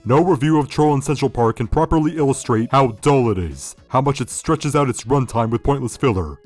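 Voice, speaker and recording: A man's voice: mid-range voice, animated, a little fast, a little mellow, faint music behind. A man hosting a critical video review, sardonic and profane. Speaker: video essay host.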